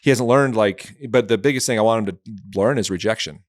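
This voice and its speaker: Male host, forties, deep-ish and dry, easygoing conversational pace. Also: fairly quick, no echo. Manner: relaxed, rambling, reacts with short agreements. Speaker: podcast host. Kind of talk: casual interview chat.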